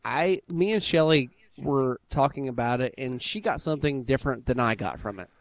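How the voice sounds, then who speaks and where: A man's voice: medium pitch, moderate pace, no echo. A man co-hosting a podcast in casual chat, joking and laughing often. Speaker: podcast co-host.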